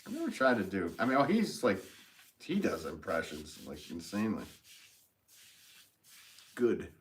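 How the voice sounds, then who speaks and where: A man's voice: sits low, huge pitch swings, a little slow, a little hiss or hum. A man with a New England accent, hosting a casual livestream while he works, reading viewer comments, joking and laughing often.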